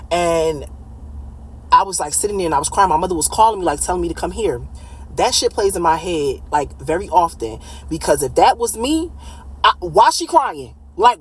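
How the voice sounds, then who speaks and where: A woman in her late thirties telling a personal story in a casual, blunt, animated way, swearing freely. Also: on the low side, a little hiss or hum, rough recording. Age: late 30s.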